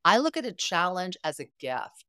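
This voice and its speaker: On a podcast, a guest therapist in middle age brings her anecdotes to life, voicing the quoted dialogue. Her pitch is on the low side and her delivery sing-song at a moderate pace, with a pushed, bright yet smooth tone. Sound is studio quality without echo.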